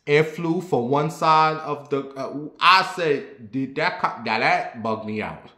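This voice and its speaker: A man from the New York area telling a personal story in a sassy, animated, profane way. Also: fairly high pitch, takes it slowly. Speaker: vlogger. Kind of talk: casual storytelling. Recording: roomy echo.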